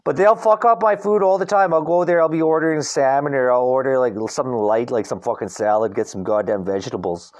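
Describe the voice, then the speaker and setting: A man's voice: medium pitch, quick pace, few pauses. A young man from Canada hosting a podcast, rambling in a casual rant and swearing constantly. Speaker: podcast host. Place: Vancouver.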